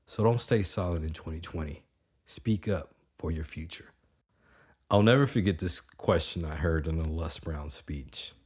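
Deep-voiced man giving an upbeat motivational talk. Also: normal speed, breathy edge. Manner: energetic, conversational, repeats for emphasis. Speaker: motivational speaker.

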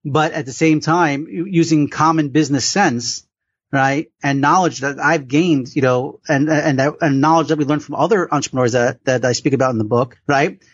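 A man answers questions about his own work in a loose, rambling way, circling back and restarting his sentences. His voice sits a bit high. The audio is dry and a little dull. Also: moderate pace, dry recording. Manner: rambling, many restarts and fillers. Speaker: podcast host and author. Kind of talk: casual interview conversation.

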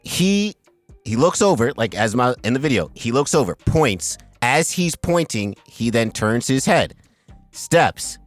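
A man's voice: mid-range voice, big pitch swings, measured pace, dry recording, faint music behind. A man co-hosting a podcast, methodically walking through a football play step by step. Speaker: podcast co-host. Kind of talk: casual sports debate.

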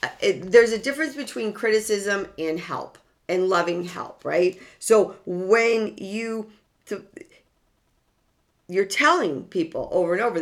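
A woman's voice: mid-range voice, expressive, unhurried. A woman giving a motivational self-help talk to an audience. She speaks earnestly, repeats key words and asks rhetorical questions as she goes.

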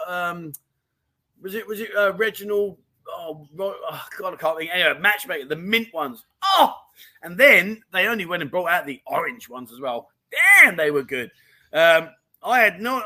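Bright, high-voiced man chatting live. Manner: chatty and animated, full of mate and diamond geezer slang. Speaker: livestream host reading viewer comments. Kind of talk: casual livestream chat. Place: home in Thailand.

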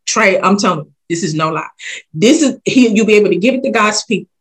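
Husky woman telling a story. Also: medium pitch, fast. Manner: animated, emphatic storytelling. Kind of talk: casual chat.

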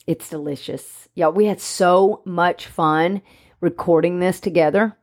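A woman co-hosting a casual podcast chat, animated and jokey. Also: on the low side, a little slow. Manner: animated, jokey, speaks for the dog in mock voices. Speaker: podcast co-host, dog trainer.

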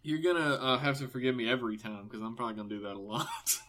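A man's voice: mid-range voice, fast, fairly bright tone, slight background noise. A man playing along as a guest in a read-aloud gamebook, joking, sarcastic and swearing freely. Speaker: guest player. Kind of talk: casual game banter.

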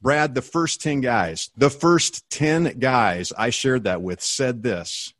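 A man's voice: medium pitch, slow pace, hardly any pauses, fairly bright tone, no echo, studio quality. A middle-aged American man telling a personal story in a podcast interview, earnest and emphatic. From United States. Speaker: guest, author and speaker.

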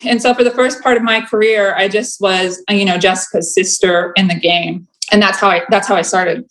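A woman's voice: medium pitch, fairly even intonation, moderate pace, fairly bright tone, rough recording. A young woman telling a personal story in casual chat, laughing often and filling her talk with "like". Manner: chatty, laughs often, many "like" fillers.

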